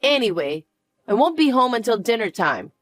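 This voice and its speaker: Woman doing a mean young daughter-in-law, snippy and high, dry close mic, faint music. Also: very animated, moderate pace, no room sound. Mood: scornful. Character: harsh young daughter-in-law, scornful and impatient. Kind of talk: narrated family drama dialogue.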